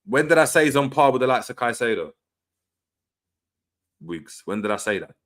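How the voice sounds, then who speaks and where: A man's voice: medium pitch, lively intonation, moderate pace, fairly bright tone. A man hosting a livestream in casual chat, reading viewer comments aloud and reacting, repeating phrases with slang. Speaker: livestream host.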